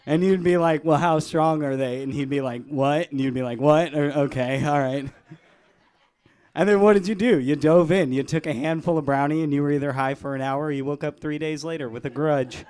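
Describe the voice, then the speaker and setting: A man doing a live stand-up set in a club, deadpan, chuckling at his own jokes. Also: fairly high pitch, fast talker, hardly any pauses. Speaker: stand-up comedian. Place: comedy club stage.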